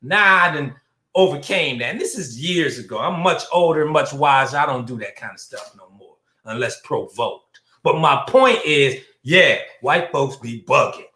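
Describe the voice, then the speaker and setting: A middle-aged male host delivers blunt, profane livestream commentary and greets viewers by name. His voice sits high and sounds bright and forceful. The sound carries an echoey room. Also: expressive, moderate pace. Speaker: show host.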